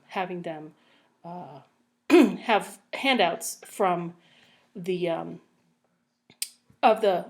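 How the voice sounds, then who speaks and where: Woman teacher reading aloud with lots of expression, miked from across a reverberant classroom. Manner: expressive storytelling with lively pitch. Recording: echoey room from a distance.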